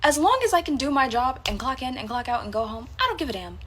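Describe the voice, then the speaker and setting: A woman's voice: high-pitched, sing-song, fast talker, a bit bright, a little hiss or hum. A woman telling a personal work story in a candid, blunt and profane way. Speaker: storyteller in a reacted-to clip. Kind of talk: casual storytelling to camera.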